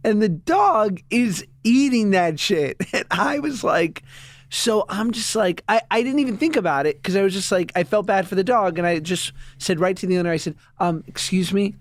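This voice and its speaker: A man's voice: sits high, animated, moderate pace, dry recording. A man co-hosting a comedy podcast, telling a funny anecdote with frequent laughter. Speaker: podcast co-host. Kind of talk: comedic casual podcast chat.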